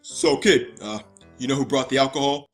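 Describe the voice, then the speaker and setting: A man's voice: mid-range voice, normal speed, soft background music, lightly acted. A man voicing a patronizing, self-important police officer who talks down to teenagers. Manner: smug, bullying.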